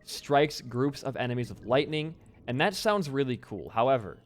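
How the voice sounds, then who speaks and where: A man's voice: mid-range voice, expressive, moderate pace. A young man giving casual gameplay commentary, rambling and self-deprecating, swearing often. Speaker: gaming YouTuber. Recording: faint background music.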